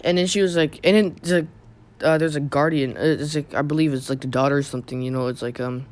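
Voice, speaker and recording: A man's voice: fairly high pitch, fairly even intonation, quick pace, darkish tone. Rambling young man telling a story. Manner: rambling, many fillers and restarts. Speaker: YouTube storyteller. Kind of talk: casual storytime vlog.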